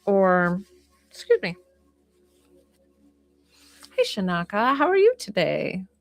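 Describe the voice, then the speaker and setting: A woman's voice: mid-range voice, huge pitch swings, takes it slowly, gravelly, no echo, soft background music. Girl doing a psychic livestream on her phone, gushy, rambly, lots of ums and likes, super reassuring. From Georgia, US. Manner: gushing, reassuring, rambling with fillers. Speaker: psychic medium livestream host. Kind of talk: casual livestream chat and reading.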